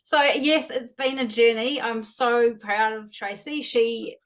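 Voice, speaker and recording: A woman telling an emotional, excited story about a teammate on a video call. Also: a little high, slow. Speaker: team leader on a call.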